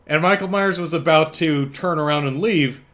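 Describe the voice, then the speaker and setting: A man's voice: on the high side, normal speed, fairly bright tone. A man hosting a casual solo podcast from home, telling stories in a wry, chuckling way with lots of restarts. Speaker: podcast host. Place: home, apartment.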